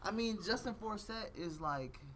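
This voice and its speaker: Young male co-host, slightly high voice, argues plays, faint hum behind. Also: expressive, fairly bright tone. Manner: argues his points, quick agreement. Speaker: podcast co-host. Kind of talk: casual sports talk. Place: campus TV studio.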